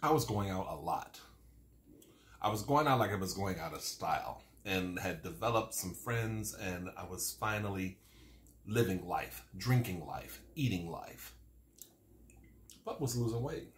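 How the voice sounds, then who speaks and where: Eating as he talks, a man in his forties who makes mukbang videos rambles casually through an old story, at times with his mouth full. He has a low voice with lively intonation and a slightly slow pace, recorded with roomy sound and a little hiss or hum.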